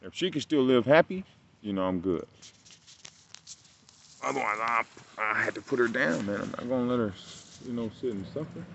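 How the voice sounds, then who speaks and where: A man talking casually to the camera while working his dog outdoors, halting and fumbling over his words, with bursts of cooing praise for the dog. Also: mid-range voice, animated, vocal fry, a bit bright. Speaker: dog owner and breeder. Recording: dull lo-fi camera audio with faint outdoor noise.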